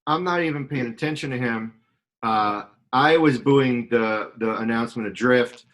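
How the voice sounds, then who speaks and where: A man playing a tabletop game, speaking in a halting, unsure way. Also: mid-range voice, a bit bright, recorded from a distance. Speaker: player. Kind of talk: in-character play at a tabletop game.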